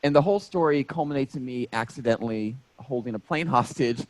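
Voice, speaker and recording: A man in his thirties tells stories from his stand-up life, jokey and animated. His voice sits mid-range, and the sound is dry, close and free of room echo. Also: medium pitch, brisk. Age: 30s. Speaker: stand-up comedian guest. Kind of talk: casual interview storytelling.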